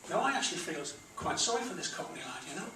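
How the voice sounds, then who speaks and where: A man's voice: on the high side, very animated, quick pace, background noise. A man with a Geordie accent doing a blunt, crude stand-up comedy set in a comedy club, with the audience laughing. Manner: blunt, crude punchline delivery. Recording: roomy club recording from far off.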